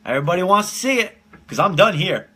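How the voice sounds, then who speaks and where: A man's voice: high voice, big pitch swings, quick pace, sharp tone, husky. A man in his twenties hosting a casual live-streamed podcast from home, telling rambling, profane stories and laughing often. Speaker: podcast host.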